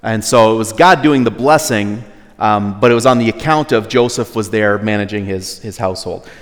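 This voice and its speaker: A man preaching a sermon in a relaxed, conversational way, at times exasperated. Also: fairly low pitch, normal speed. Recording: long hall reverb.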